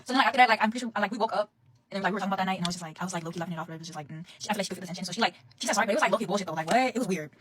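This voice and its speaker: A young woman telling a heated, profane storytime straight to her phone camera, talking casually and fast. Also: medium pitch, fairly bright tone, low-quality recording.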